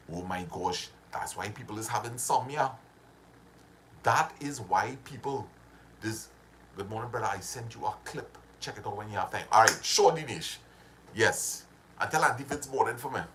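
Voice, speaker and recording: Animated man. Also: mid-range voice, slight background noise. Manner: animated, repetitive, drifts into greeting viewers. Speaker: live-stream host. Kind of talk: casual motivational live stream.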